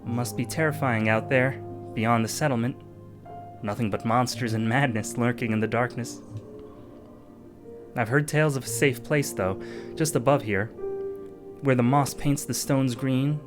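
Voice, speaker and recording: A man reading out the lines of a devout, weary bug who keeps a camp, in an earnest, measured way. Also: medium pitch, music in the background, natural voice.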